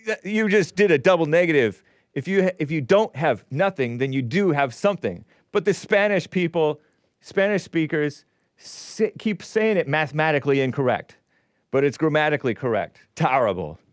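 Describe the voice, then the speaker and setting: A man's voice: a little high, expressive, moderate pace, no room sound, clean studio sound. A man hosting a casual live show, reading chat messages aloud with a wry, laughing manner. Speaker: show host.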